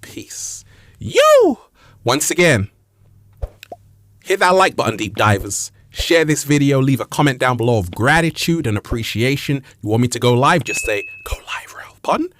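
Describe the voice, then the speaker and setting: A man's voice: medium pitch, expressive, normal speed, a little hiss or hum. A man who is a motivational speaker, closing a video with playful plugs and sign-offs. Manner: playful, swings from loud to whispers. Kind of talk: video outro with promos.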